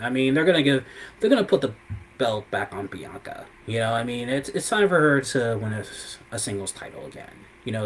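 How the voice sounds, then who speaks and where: Rambling man with a mid-pitched voice. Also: a little hiss or hum, poor audio. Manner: rambling, lots of "you know" and "I mean" fillers. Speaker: live show host. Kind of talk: casual wrestling recap.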